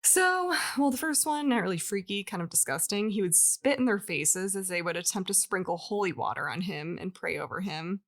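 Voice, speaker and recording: A woman's voice: medium pitch, expressive, a little fast, few pauses. A woman co-hosting a podcast, telling a story in casual chat with frequent laughs and fillers. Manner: chatty, laughs often, many likes. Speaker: podcast co-host.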